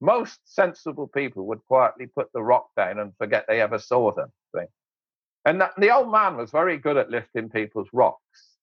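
A man, an interview guest, telling anecdotes in an animated way, laughing often and acting out voices. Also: mid-range voice, normal speed, no room sound, lo-fi sound. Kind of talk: anecdotal storytelling.

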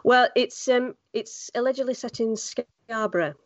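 A woman's voice: a little high, a little slow, no echo, highs cut off. A woman voice actor chatting as a podcast guest, telling stories and acting out quoted voices. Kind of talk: casual podcast chat.

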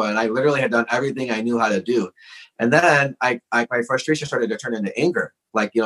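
A man's voice: medium pitch, fast, fairly bright tone, poor audio. Earnest man telling a personal story. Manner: earnest, frank, peppered with "like". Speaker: podcast guest.

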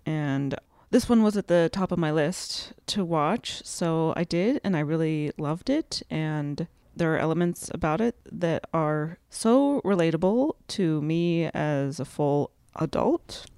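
A woman's voice: sits low, a little slow, darkish tone, clean tone, dry recording, clean studio sound. A woman co-hosting a podcast, chatting in a jokey, self-deprecating way. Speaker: podcast co-host. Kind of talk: casual chat.

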